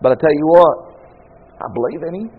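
A man preaching a sermon, talking in a conversational way and reading scripture aloud, moving from quiet asides to loud, fervent bursts. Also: fairly high pitch, brisk, slightly rough, phone-quality sound. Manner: reads scripture aloud and then explains it.

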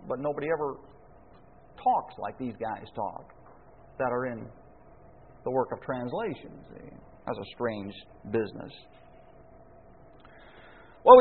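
A man's voice: sits high, slightly rough. A man preaching a sermon, folksy and full of rhetorical questions, chuckling now and then. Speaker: pastor. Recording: echoey hall, phone-like lo-fi sound.

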